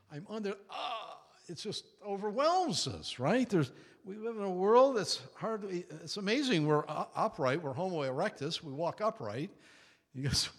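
A man preaching a sermon, his slightly high voice swinging up and down with animated emphasis. He hammers key words by repeating them and chuckles often. The sound carries the long reverb of a big hall. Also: husky.

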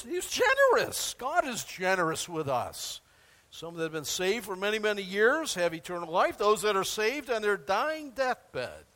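High-voiced preacher guy, super lively, chatty sermon, big hall echo behind him. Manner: animated, conversational, acts out quoted voices. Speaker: pastor.

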